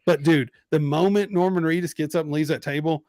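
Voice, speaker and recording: A man's voice: a little high, a little fast, no room sound, studio quality. A man hosting a podcast, telling a story in casual chat and acting out the people in it. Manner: animated storyteller acting out quotes. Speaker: podcast host.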